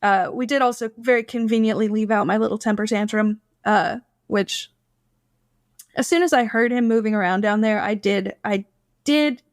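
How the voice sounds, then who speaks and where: A woman's voice: mid-range voice, moderate pace, no room sound, studio quality. A woman as a podcast guest telling her story casually and animatedly, acting out quotes and swearing freely.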